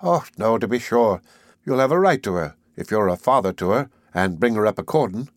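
A man's voice: fairly low pitch, lively intonation, a little fast, no echo, studio quality, lightly acted. A man reading an audiobook, voicing a kindly, talkative middle-aged village housewife in a homely, earnest way. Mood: chatty. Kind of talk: audiobook character voice.

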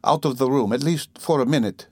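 A man's voice: medium pitch, fairly quick, darkish tone, dry recording, pitched above the performer's own voice, lightly acted. A man putting on a proud young woman. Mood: urgent. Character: proud young woman, quick-tempered sister.

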